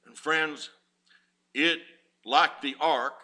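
Bright-voiced preacher, fired up. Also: male voice, on the high side, fairly even intonation, very slow. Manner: preaching with rising fervor, folksy grammar. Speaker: pastor. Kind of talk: sermon.

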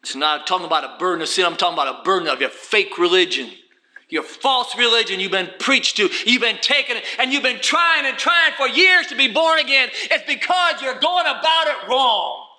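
A man preaching a fervent sermon, dropping low and then rising to shouts. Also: expressive, normal speed. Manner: fervent, swings from quiet to shouting.

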